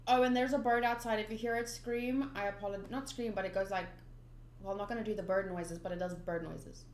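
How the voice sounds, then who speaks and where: This manga readthrough host is a young woman who talks quickly in a medium-pitched, darkish voice with fairly even intonation, dropping plenty of ums and giggles as she chats. There's slight background noise and a roomy echo.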